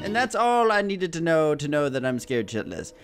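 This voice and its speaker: A man's voice: on the high side, very animated, normal speed, soft background music. A man hosting a horror game playthrough, jumpy and swearing, with frequent startled yelps. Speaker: let's play host.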